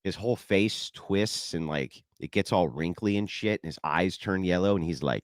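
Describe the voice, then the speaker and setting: A man's voice: deep voice, normal speed, few pauses, no room sound, studio quality. A man hosting a stream, giving sarcastic, profane, mocking commentary. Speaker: streamer host.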